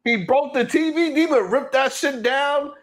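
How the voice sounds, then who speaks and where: A man hosting a comedic show, recapping online drama in an animated, laughing storytelling way. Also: extremely high pitch, measured pace, a crowd in the background. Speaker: host.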